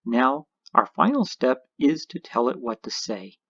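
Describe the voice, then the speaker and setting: Guy walking thru an app tutorial, husky voice, lively pitch, dull lo-fi sound. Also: a little slow, no room sound. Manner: patient step-by-step explaining. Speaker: instructor. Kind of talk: screencast tutorial narration.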